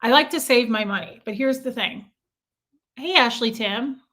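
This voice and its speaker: A woman's voice: a little high, normal speed, a bit bright. A woman hosting a casual livestream, chatting with viewers and venting in a talkative, repetitive way. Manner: chatty, venting, repeats herself. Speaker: livestream host reading chat.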